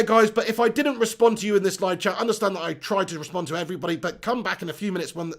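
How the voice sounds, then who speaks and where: High gravelly man hosting a live stream. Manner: chatty, upbeat, lots of shout-outs. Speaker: football channel host.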